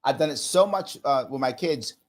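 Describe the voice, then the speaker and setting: A man's voice: animated, normal speed. A man in his forties from the United States, a management consultant talking as a podcast guest, emphatic and fond of acting out little exchanges. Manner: emphatic, acts out little dialogues with rising pitch. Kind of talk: casual conversation.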